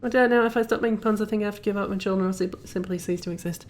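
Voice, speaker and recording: A woman's voice: mid-range voice, fairly even intonation, very fast. A young woman streaming a game, rambling and cracking self-amused jokes as she plays. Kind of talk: casual commentary while playing.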